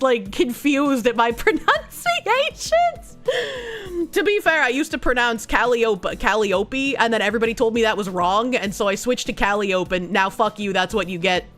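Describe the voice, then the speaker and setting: A woman streamer chatting casually with her viewers, thanking donors and swearing freely between quick laughs. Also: medium pitch, fairly bright tone. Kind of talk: casual livestream chat, reading donations.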